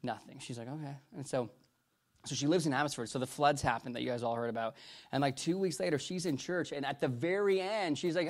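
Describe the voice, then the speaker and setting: A man preaching, telling a story and acting out the people in it with lively jumps in his voice. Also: quick pace. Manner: animated storyteller, acts out quoted dialogue with big pitch jumps. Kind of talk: storytelling sermon.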